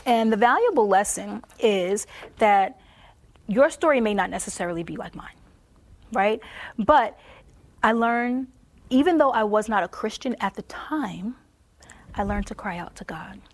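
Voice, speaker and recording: A woman giving a Christian testimony sermon on marriage. She laughs often and drops to a soft near-whisper for emphasis. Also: medium pitch, lively intonation, a little slow, long pauses.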